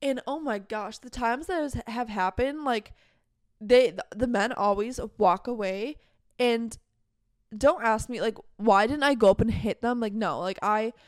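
A woman's voice: a little high, dry recording, studio quality. A young woman hosting a podcast, talking heatedly and candidly in a casual monologue full of "like". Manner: heated, fast and emphatic, heavy use of "like". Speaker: podcast host.

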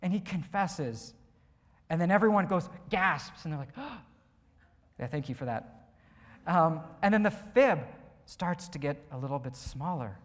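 A man's voice: a little high, animated, a little slow, in a large hall. A man preaching a conversational sermon in a church, chatty and full of fillers, often asking the congregation questions.

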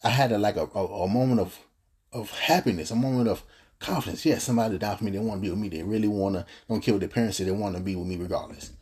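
A man's voice: fairly low pitch, rapid-fire, darkish tone, slightly rough. A young man telling a personal story in a casual, earnest, rambling way, full of restarts. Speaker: podcast host telling his story.

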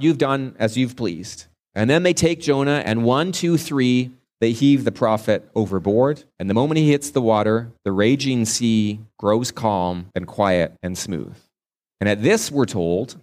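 A man's voice: fairly low pitch, a little mellow. A man preaching a sermon, retelling a Bible story in a vivid storytelling manner with varied pace.

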